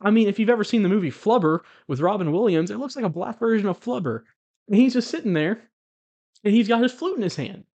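A man's voice: sits high, fast talker, dull audio. A man telling the story of a dream as a spiritual testimony to viewers, chuckling as he speaks and closing with preachy exhortation. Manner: animated, chuckles as he tells it. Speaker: Christian video blogger.

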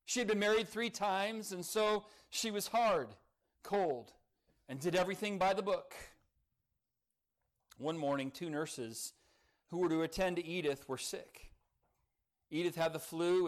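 A male pastor preaching a sermon, telling a story earnestly with dramatic pauses. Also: high voice.

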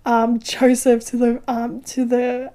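A woman with a high voice chats casually about a horror film. Her talk is animated and profane, full of swearing and laughter. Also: slow pace. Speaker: podcast co-host recapping a film. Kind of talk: casual chat.

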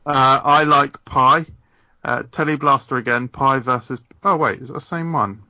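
A man's voice: mid-range voice, normal speed, pushed and bright, dry recording, lo-fi sound. A man hosting a casual podcast, reading listener comments aloud with lots of fillers and giggles.

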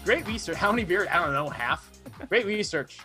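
Joking young man, bright voice. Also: high voice, normal speed, faint music behind. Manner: joking, teasing, excitable. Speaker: podcast co-host. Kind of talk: casual chat.

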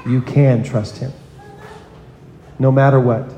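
A man's voice: medium pitch, steady tone, takes it slowly, background noise. A man preaching a sermon in a church, earnest, calling on children in the congregation by name. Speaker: pastor. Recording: echoey hall with long reverb.

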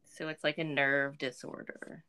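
A young woman co-hosting a podcast, chatting casually, asking curious questions and reacting with quick exclamations. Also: low-pitched, flat delivery, sharp tone, clear, resonant tone, no room sound. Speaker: podcast co-host. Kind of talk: casual chat.

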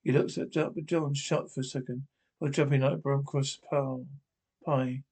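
A man reading a TV episode aloud with descriptions, halting and restarting often. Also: mid-range voice, flat delivery, darkish tone, slightly rough.

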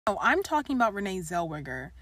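Animated young woman chatting casually. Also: medium pitch, breathy edge, dry recording. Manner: animated, quick to laugh, rambling. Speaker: podcast co-host. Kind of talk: casual chat.

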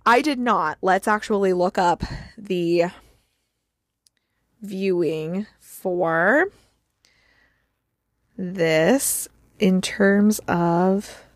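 A woman hosting a podcast, excitedly retelling movie scenes in a casual, gushing chat full of "like" and laughter. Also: mid-range voice, drawn-out words, pauses often, no room sound, clean studio sound. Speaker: podcast host recapping movies.

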